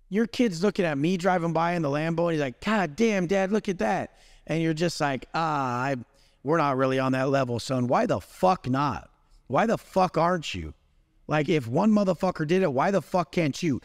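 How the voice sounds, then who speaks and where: A man's voice: fairly high pitch, no room sound, studio quality, long reverb tail. A man delivering a profane, aggressive motivational rant as an interview guest. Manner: aggressive, swearing heavily. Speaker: guest speaker.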